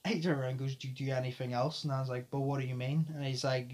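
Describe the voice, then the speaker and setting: Fast-talking, swearing male podcast host. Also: mid-range voice, steady tone. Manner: fast, loud talker who swears often. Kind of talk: casual storytelling chat.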